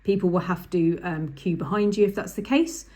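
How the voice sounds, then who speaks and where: A woman's voice: on the low side, moderate pace, mellow. A woman, a driving instructor talking through a lesson over drawings, chatty and emphatic, repeating the key points.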